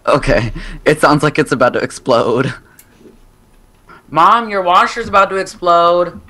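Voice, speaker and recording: A woman's voice: fairly low pitch, a little slow, sharp tone. A teenage girl chatting casually and giggling while playing a game. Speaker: gamer. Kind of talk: casual gaming chat.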